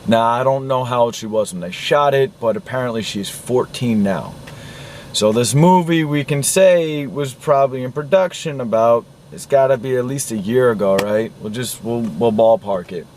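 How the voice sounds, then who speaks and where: An indignant man delivers an angry film rant, full of swearing and repeated words, in a voice of ordinary male pitch. Faint noise hums behind him. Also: moderate pace, a little mellow. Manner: profane, indignant, repeats himself. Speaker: vlogger reviewing a film.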